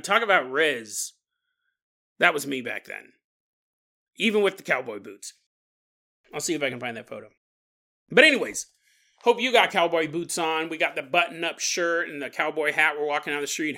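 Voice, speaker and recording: A man's voice: on the high side, sharp tone. A man hosting a podcast, telling a story in a rambling, joking way with mock voices. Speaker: podcast host. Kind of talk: comedic paranormal podcast storytelling.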